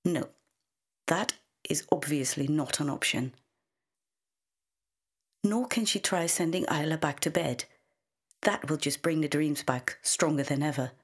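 A woman reading a short story aloud in a measured, intimate narrating manner. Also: low-pitched, breathy edge. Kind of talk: scripted narration.

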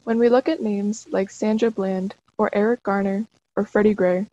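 Mellow woman reading, dull dry sound. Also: mid-range voice, steady tone, normal speed. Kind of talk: reading a quotation aloud.

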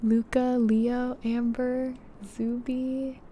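A young woman hosting an ASMR livestream, chatting in a hushed, half-whispered voice and reading out names from the chat. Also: on the high side, little pitch movement, drawn-out words, slight background noise.

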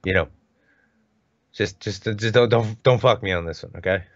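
A man's voice: on the low side, moderate pace. A man co-hosting a live-stream podcast, chatting casually and reading out news with sarcastic, profane jokes. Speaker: co-host. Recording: dull dry lo-fi sound.

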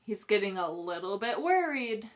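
A woman pre-K teacher reading a picture book aloud to young children, sing-song and expressive, pausing to ask them questions. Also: mid-range voice. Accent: New York. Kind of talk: children's storybook read-aloud.

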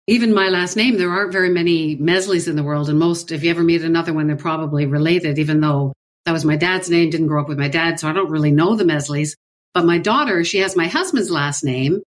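A woman's voice: sits low, fast. A middle-aged woman co-hosting a podcast, chatting casually and asking curious questions. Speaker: podcast co-host. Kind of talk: casual chat.

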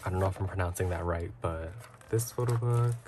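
A man narrating a casual unboxing vlog, excitable and gasping often. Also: low-pitched, a little fast. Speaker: vlogger.

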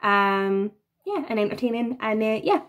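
Chatty young woman with a higher voice. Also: moderate pace. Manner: chatty, animated, laughing between anecdotes. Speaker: vlogger. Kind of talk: casual storytelling to camera. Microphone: own camera.

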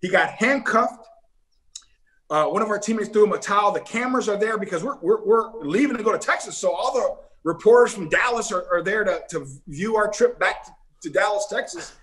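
Animated storytelling man, slightly high voice. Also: brisk. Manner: animated storyteller who acts out other people's lines. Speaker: interview guest, former pro ballplayer. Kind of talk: casual interview storytelling.

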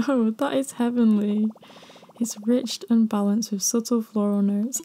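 A young woman giving soft, cheerful commentary over a cosy game. She gushes over small things and drops into quiet whispered asides. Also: a little high, steady tone, unhurried, soft background music. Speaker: gaming video creator.

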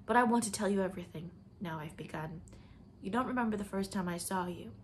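A woman's voice: mid-range voice, fast, noisy background, natural voice. Troubled young woman, emotional, breaks into whispers as a woman reads her part. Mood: anguished. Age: young adult. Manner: emotional, at times dropping to a whisper.

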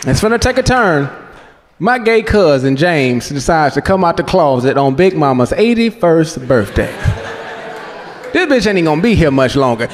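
Profane, animated male stand-up comic. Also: fairly high pitch, normal speed, some chatter behind. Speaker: stand-up comedian. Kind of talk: stand-up comedy set. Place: comedy club stage before a live audience. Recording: live club recording with echo, audience laughter and noise.

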